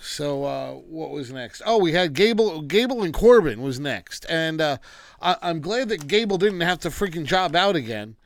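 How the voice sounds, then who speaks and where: A man's voice: on the high side, lively intonation, moderate pace, dry recording. A man hosting a casual wrestling recap, ranting with exasperated, dismissive asides.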